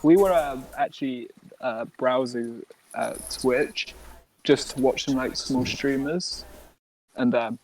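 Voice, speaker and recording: A man's voice: medium pitch, slow, darkish tone, slight background noise, poor audio. A man from England, a guest on a podcast call, speaking hesitantly with many ums and restarts. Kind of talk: casual chat over a call.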